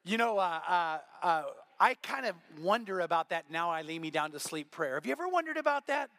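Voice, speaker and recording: A male pastor preaching a sermon, telling stories with lively acted-out quotes. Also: high voice, a little fast, no echo. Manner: animated storytelling with acted quotes. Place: church.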